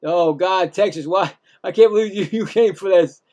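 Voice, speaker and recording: A man's voice: sits high, moderate pace, a little mellow. A man hosting casual live baseball play-by-play, rambling, self-mocking, and often stumbling and correcting himself. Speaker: play-by-play host.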